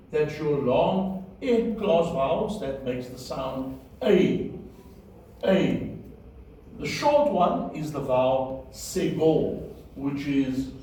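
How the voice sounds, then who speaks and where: A man teaching a Hebrew class, patiently repeating vowel sounds slowly and checking that students follow. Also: a little high, a little mellow. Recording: echoey room from far off, faint noise.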